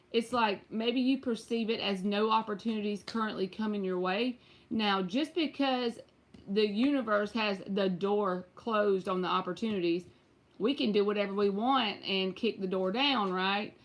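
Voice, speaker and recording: A Southern woman, likely in her thirties or forties, giving a casual tarot reading on a live stream at home and chatting straight to her viewers. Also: medium pitch. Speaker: tarot reader.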